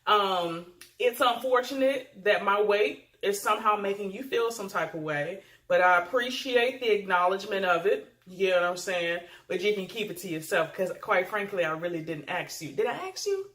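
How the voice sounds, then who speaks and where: A woman's voice: medium pitch, moderate pace, hardly any pauses, a bit bright. A woman vlogger giving casual advice to camera, chatty and emphatic, with frequent fillers. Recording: roomy echo.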